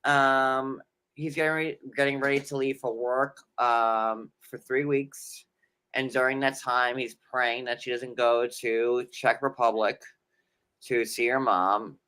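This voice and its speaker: A man's voice: mid-range voice, fairly even intonation, slow pace, sharp tone, clear, resonant tone. A man with a New York accent, co-hosting a casual recap chat, rambling with fillers and jokey asides. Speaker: podcast co-host.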